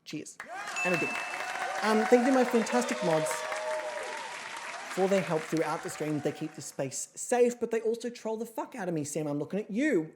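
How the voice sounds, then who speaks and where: A woman chatting on her livestream as host of an online model competition, jokey and prone to squealing high voices. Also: lively intonation, normal speed, a faint crowd, slight background noise. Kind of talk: casual livestream chat. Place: home streaming setup with a pet nearby.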